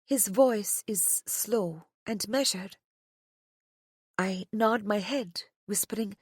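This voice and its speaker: A soft-spoken woman narrating a first-person romance audiobook, often dropping to a whisper. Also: mid-range voice, slow, slightly rough, no room sound, studio quality.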